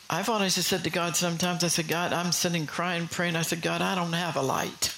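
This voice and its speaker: Fervent male preacher, gravelly and bright. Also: fairly high pitch, fairly even intonation, a little fast, hardly any pauses, slight background noise, rough recording. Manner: fervent, rhetorical questions to the congregation. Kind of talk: sermon.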